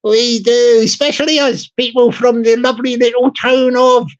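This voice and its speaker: A man's voice: extremely high pitch, level tone, moderate pace, dull audio. A man voicing an eager young woman volunteer from Belfast. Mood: keen.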